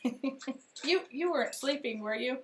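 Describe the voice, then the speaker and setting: A woman's voice: high-pitched, moderate pace, a little hiss or hum. A woman hosting a casual craft livestream, giggling often and reading viewer comments aloud. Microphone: phone speakerphone call alongside.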